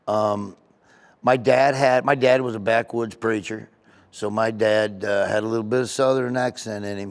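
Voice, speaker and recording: A man, a comedian being interviewed, telling casual rambling anecdotes in an animated way. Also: fairly low pitch. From United States. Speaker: comedian guest.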